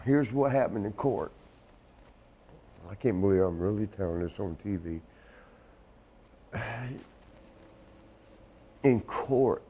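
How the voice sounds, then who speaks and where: A man's voice: medium pitch, mellow. A man, telling a painful family story in a rambling, profane way and crying as he talks. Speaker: wrestling show guest. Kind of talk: emotional storytelling chat.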